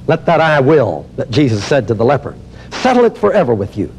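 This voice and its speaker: An older man preaching a teaching sermon on healing, emphatic and exuberant, dropping to a hush and then rising to loud exclamations. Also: medium pitch, sing-song, a little fast, breathy edge.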